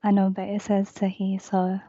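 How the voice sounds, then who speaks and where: Sleepy, flat-voiced woman on a dull call. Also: medium pitch, normal speed, no echo. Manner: sleepy, monotone, brief replies. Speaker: caller in a debate. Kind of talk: live call-in debate.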